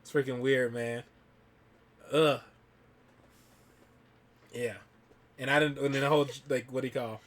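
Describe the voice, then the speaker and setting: A man's voice: medium pitch, steady tone, measured pace, pauses often. A man from Alabama, a reaction channel host, chatting casually and rambling through a story with lots of fillers. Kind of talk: casual chat.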